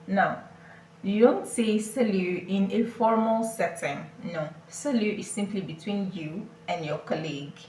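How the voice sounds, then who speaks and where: A woman teaching a beginner French lesson, explaining slowly and deliberately and often checking that listeners follow. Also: medium pitch, darkish tone, roomy sound, recorded from a distance, slight background noise, low-quality recording. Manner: slow, deliberate explaining with repeated check-ins.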